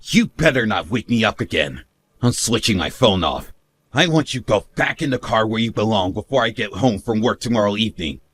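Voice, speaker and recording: A man's voice: fairly low pitch, expressive, a little fast, no room sound. A man voicing a smug, cruel young husband who mocks his wife and laughs at her. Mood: sneering. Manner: sneering, mocking laughs, shouts. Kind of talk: animated story narration.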